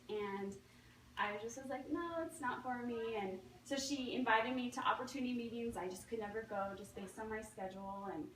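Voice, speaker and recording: A woman's voice: medium pitch, slight background noise. A young woman giving a nervous testimonial at a meeting, telling a story with many ums and acting out quoted voices. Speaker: testimonial speaker. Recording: echoey room, recorded from far off.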